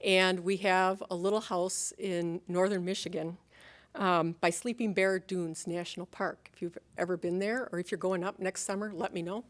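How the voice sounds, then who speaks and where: A woman's voice: lowish voice, fairly even intonation, normal speed. Earnest woman giving a college address. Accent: Upper Midwest American. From Upper Midwest of the United States. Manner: earnest, rallying, with rhetorical questions and light humor. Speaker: college president. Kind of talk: convocation address.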